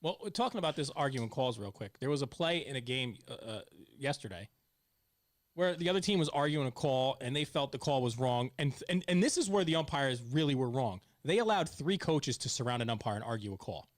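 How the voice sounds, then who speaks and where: Animated storytelling man. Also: mid-range voice, a little fast. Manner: animated storytelling, loud when retelling arguments. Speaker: podcast host, youth softball coach. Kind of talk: casual chat.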